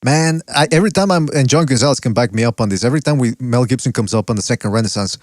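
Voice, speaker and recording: A man's voice: medium pitch, rapid-fire, no echo, studio quality. A man co-hosting a podcast in casual chat, rambling and correcting himself mid-thought. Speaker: podcast co-host.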